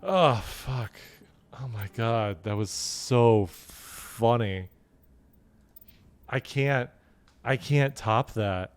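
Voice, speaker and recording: A man streaming a video game live, laughing hard and reacting with excited, profane commentary. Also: medium pitch, extremely slow, pauses often, smooth.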